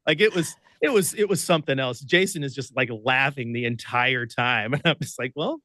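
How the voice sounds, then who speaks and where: Fairly quick and mid-range in pitch, this man's voice comes through with no room sound. He's a radio producer and host from Oregon appearing as a guest, and his animated storytelling is excitable, packed with laughter and acted-out voices.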